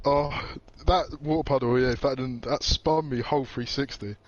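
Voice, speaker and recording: A man's voice: medium pitch, fairly even intonation, normal speed, highs cut off. A man chatting casually as a sim racing driver, laid-back and laughing often. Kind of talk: casual chat.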